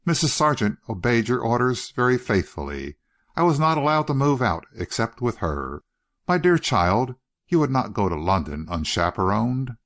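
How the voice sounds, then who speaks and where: A man's voice: medium pitch, sing-song, moderate pace, fairly bright tone. A man voicing a guarded young woman who answers curtly and with resentment. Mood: bitter.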